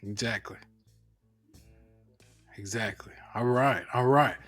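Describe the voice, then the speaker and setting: A man's voice: mid-range voice, slow, fairly bright tone, soft background music. A man hosting an interview, asking loose, slangy questions in a casual tone. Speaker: podcast host.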